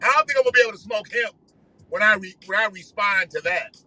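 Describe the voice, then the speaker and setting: A man's voice: high voice, fast, pushed and bright, poor audio. A man ranting profanely on a livestream while driving his car. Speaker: livestream host. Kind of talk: casual ranting monologue.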